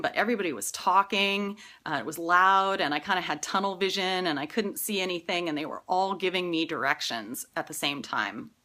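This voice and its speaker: A woman's voice: lowish voice, bright, forceful tone. A woman pastor preaching a sermon in a church, telling personal stories in a conversational way. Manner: conversational storytelling with personal anecdotes.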